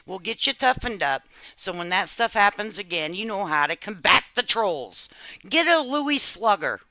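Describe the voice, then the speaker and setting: A woman's voice: medium pitch, expressive, moderate pace, bright, forceful tone, dry recording. A woman hosting a live stream, chatting casually in a brash, profane, joking way and calling people honey. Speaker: live-stream commentary host.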